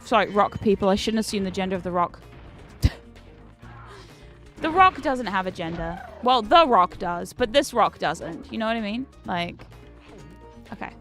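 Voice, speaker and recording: A woman's voice: mid-range voice, animated, normal speed, long pauses, soft background music. A young woman, British by birth, chatting and swearing through a game stream as a VTuber host. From Britain. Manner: chatty, swears, bursts of frustrated shouting. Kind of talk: casual gameplay commentary.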